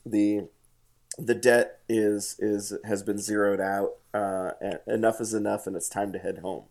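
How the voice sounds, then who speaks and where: A man's voice: lowish voice, little pitch movement, unhurried, gravelly, darkish tone. A man leading a casual bible study conversation, hesitant with many fillers and restarts, reading scripture aloud. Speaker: bible study discussion leader.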